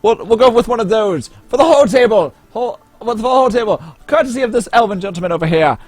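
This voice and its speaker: A man doing loud rowdy tavern drunks. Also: high-pitched, animated, fast talker, dry recording, soft background music, pitched above the performer's own voice. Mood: boisterous. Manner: boisterous, shouting.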